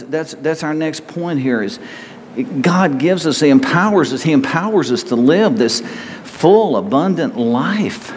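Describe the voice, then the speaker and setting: With a medium-pitched, darkish voice, a man preaches a conversational sermon, frequently impersonating self-centered people. It's captured in an echoing hall with faint room noise.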